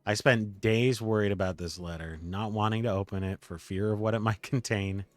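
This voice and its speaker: Weary bartender woman read by a man, low voice, halting restarts, dry mic, faint music. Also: fairly even intonation, no echo, close to an everyday voice. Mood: bitter. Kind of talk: game dialogue read aloud by a streamer.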